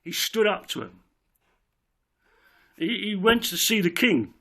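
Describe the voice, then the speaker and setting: Gravelly ranting man. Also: high voice, big pitch swings, a little slow, sharp tone. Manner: ranting, emphatic, swears, repeats himself. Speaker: political speaker. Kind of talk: impassioned monologue.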